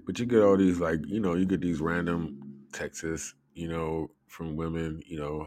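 A man's voice: deep voice, flat delivery, normal speed, a little mellow, no echo. A man hosting a casual live show, rambling and chatty, laughing often between his words and leaning on lots of fillers. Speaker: show host.

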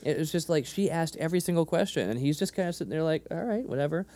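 A man's voice: on the high side, racing, no room sound. A man in his thirties co-hosting a podcast, recapping scenes in casual chat and acting out the characters' lines. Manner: animated, acts out quoted lines. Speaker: podcast co-host.

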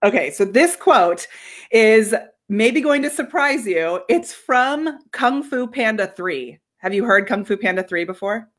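A woman hosting an interview in casual chat, enthusiastic and quick to laugh. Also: a little high, expressive, a bit bright. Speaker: interview host.

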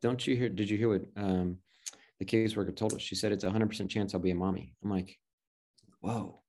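A man's voice: lowish voice, fairly even intonation, fairly quick, vocal fry, darkish tone, husky. A man in his thirties telling a personal story in casual chat, rambling with restarts and acted-out quotes. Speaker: guest adoptive father.

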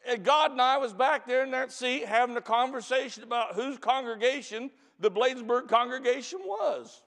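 High voiced pastor guy preaching, stretches out words loud then talks low and quick, long echo. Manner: preaches with loud drawn-out emphasis, calls out to the church; drops into quiet fast storytelling. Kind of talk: camp meeting sermon.

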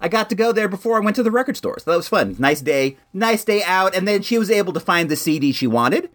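A man hosting a podcast, chatting casually and excitedly as he reviews a toy and makes playful sound effects. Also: high voice, quick pace. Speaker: podcast host.

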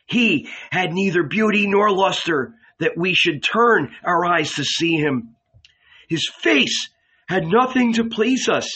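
A man's voice: sits high, animated, takes it slowly, pushed and bright, breathy edge, pitched above the performer's own voice, exaggerated voice. A man doing a stooped scholar declaiming prophecy. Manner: declaiming, bitter and strong. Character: stooped, scholarly male disciple reciting prophecy.

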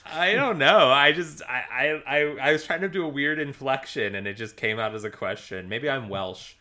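A man's voice: medium pitch, bright, forceful tone. A man co-hosting a casual podcast, talking in a hesitant way with many ums and chuckles. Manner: slow, hesitant, full of ums and laughs. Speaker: podcast co-host. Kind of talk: casual rewatch podcast chat.

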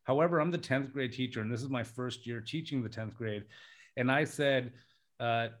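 A man's voice: medium pitch, normal speed. Hesitant American man, podcast guest. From Alaska, United States. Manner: hesitant, many fillers and restarts. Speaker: podcast guest, English teacher. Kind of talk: casual podcast interview. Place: Thailand.

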